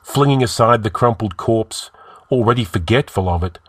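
A man reading fantasy fiction aloud, narrating with measured, dramatic pacing. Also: on the low side.

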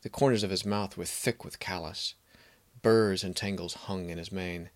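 A man narrating a fantasy story in a measured, even storytelling manner. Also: low voice.

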